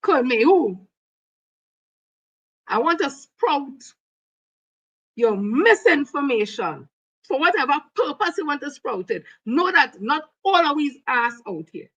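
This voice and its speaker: A woman's voice: sits high, big pitch swings, measured pace, long pauses, fairly bright tone, dull audio. A woman with a Trinidadian accent giving heated, scolding commentary. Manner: combative, scolding. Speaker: online commentator. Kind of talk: heated commentary with read-out quotes.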